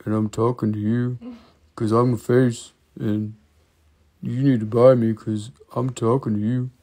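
A man's voice: gravelly, dark tone, exaggerated voice. A man voicing a talking crystal with a face that pushes viewers to buy it. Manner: pushy, insistent sales pitch. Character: talking stone face, pushy male salesman.

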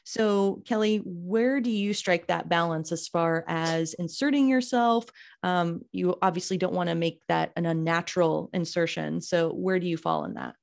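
Woman moderator with a gravelly voice. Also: on the low side. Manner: relaxed, halting questions with fillers. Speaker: panel moderator, journalist and podcast host. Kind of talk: moderating a panel discussion.

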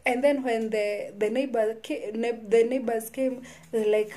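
Woman vlogger, personal storytelling, soft dark tone, stop-start delivery. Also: a little high, steady tone. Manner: halting, with frequent restarts and repeated words.

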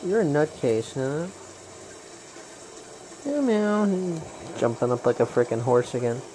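A woman's voice: rumbling low, a little fast, mellow, a little hiss or hum, poor audio. A woman at home by a garden pond, talking to her pets in cooing, teasing baby-talk and playful meows. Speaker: pet owner.

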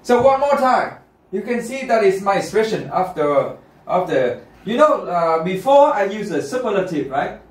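A man's voice: high voice, very animated, normal speed. A man teaching a language-test class, checking in often with his students and repeating key points. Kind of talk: classroom lesson. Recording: roomy classroom, mic far off.

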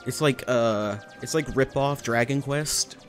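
A young man rambles through casual commentary while playing a game, drifting from joke to joke and swearing offhandedly. His voice sits at an ordinary, middle pitch, with game music playing faintly underneath. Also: unhurried. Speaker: let's play commentator.

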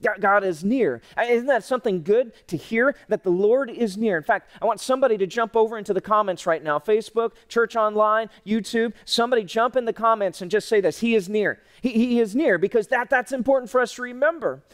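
A pastor giving an online sermon, folksy and humorous, swinging from loud emphatic lines to hushed tender ones. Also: male voice, sits high, brisk, hardly any pauses. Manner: folksy and humorous, full of restarts.

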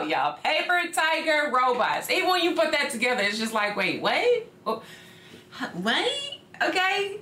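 A woman's voice: high voice, pushed and bright, reverberant. A young woman hosting a reaction vlog, chatty and constantly checking in with her viewers. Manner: chatty, repeats "okay?" and "y'all" often. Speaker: reaction video host. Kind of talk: casual reaction vlog chat.

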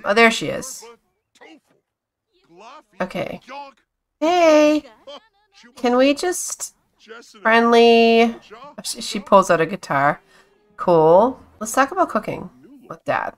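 A woman's voice: a little high, animated, slow, pauses often, fairly bright tone. A woman giving casual gameplay commentary, chatting to her game characters, exclaiming and giggling often. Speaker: gameplay streamer.

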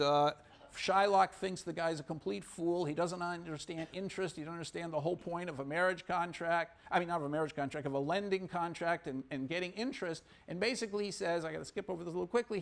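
A man giving a university economics lecture, retelling a story in an animated way, with many fillers and restarts. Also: high-pitched, gravelly. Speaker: economics professor. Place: lecture hall.

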